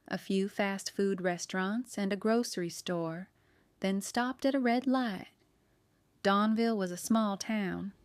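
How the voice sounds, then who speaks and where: A woman reads an audiobook in steady, scripted narration. Her voice is smooth and clear, sitting at an ordinary pitch, recorded close and dry with no room around it. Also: no room sound.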